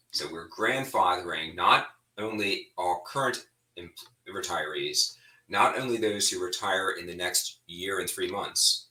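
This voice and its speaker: A man's voice: sits low, echoey room, recorded from a distance, low-quality recording. A middle-aged man giving an informal spoken update as a state representative, blunt and getting heated as he talks. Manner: animated, heated, speaks bluntly.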